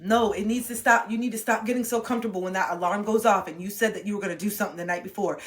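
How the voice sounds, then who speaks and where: A woman's voice: mid-range voice, rapid-fire. Young woman streamer going off with a fired-up sweary motivational rant, preachy and intense. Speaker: livestreamer. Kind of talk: motivational pep talk.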